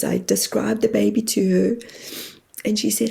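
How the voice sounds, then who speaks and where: A woman with a husky, gravelly voice and a warm, mellow tone speaks as a podcast guest. She tells heartfelt personal stories openly, close to tears and laughing through them. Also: medium pitch, steady tone, moderate pace. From immigrated to New Zealand. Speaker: guest, spiritual medium and therapist. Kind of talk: emotional personal storytelling.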